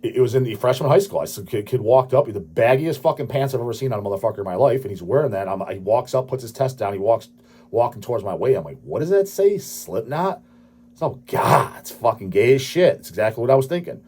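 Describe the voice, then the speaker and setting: Male host, late 30s, husky voice, crude profane ranting delivery. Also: medium pitch, animated, fast, darkish tone. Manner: crude, swearing, dismissive ranting. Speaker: channel host answering viewer questions. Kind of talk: profane ranting casual talk.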